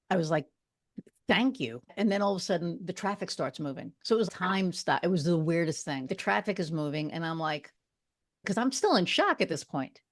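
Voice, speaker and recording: A fairly low-pitched woman from Long Island guests on a podcast. In casual chat she relates a personal story, punctuated by quick asides that check in with the listener.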